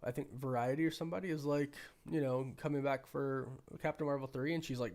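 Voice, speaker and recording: A man with a cold, hoarse and sniffly, hosting a casual live stream and chatting with viewers while thinking aloud. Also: mid-range voice, steady tone, a little fast, a little mellow. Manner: rambling, thinking aloud with many restarts. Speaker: livestream host.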